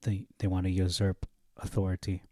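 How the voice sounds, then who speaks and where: A man with a low, mellow voice works through scripture verse by verse. He thinks aloud, stops on fillers and corrects himself as he goes. The recording is close and dry. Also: monotone, moderate pace, dry recording. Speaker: Bible study teacher. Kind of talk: reading and commenting on scripture.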